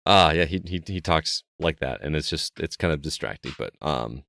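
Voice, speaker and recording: Deep-voiced man chatting in a dry room. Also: lively intonation, normal speed, creaky, fairly bright tone, no echo. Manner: rambling, storytelling, frequent restarts. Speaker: podcast co-host. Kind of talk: casual chat.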